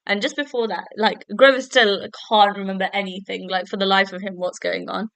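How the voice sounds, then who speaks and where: Young woman host, bright tone, dry close sound, rambling casual recap. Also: mid-range voice, steady tone, a little fast, vocal fry, no echo. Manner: chatty, with many fillers and self-corrections. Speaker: podcast host. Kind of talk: casual solo TV episode review. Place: at home.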